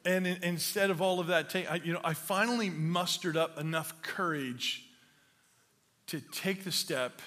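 A man's voice: fairly high pitch, measured pace, long pauses, fairly bright tone. A man preaching a sermon in a church hall, telling a funny story about himself and then building to emphatic preaching. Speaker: pastor.

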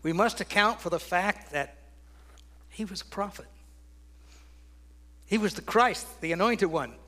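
Older male preacher, high bright voice. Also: expressive, measured pace. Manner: dramatic swings from loud declaiming to hushed near-whispers. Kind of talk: sermon.

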